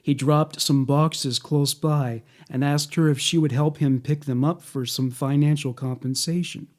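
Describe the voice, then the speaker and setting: A man reading a scripted documentary narration in a measured, matter-of-fact way. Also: a little high, fairly even intonation, a little mellow.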